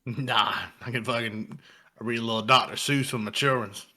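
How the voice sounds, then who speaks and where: A man's voice: mid-range voice, steady tone, normal speed, pushed and bright. A man co-hosting a podcast in casual chat, crude, joking and profane. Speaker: podcast co-host.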